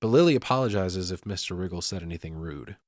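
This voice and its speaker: Man, lowish voice, casual swearing film recap, dry close sound. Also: animated, fast, no room sound. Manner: profane, laughs often. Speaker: podcast host.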